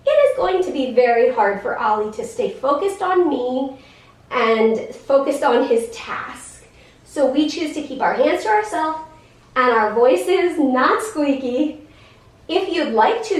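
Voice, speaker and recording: A woman in her thirties explaining things to a class of children, in an animated, sing-song, teacherly way with many questions. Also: high-pitched. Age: 30s. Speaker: guest speaker in a special education class. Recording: echoey classroom, voice from far off.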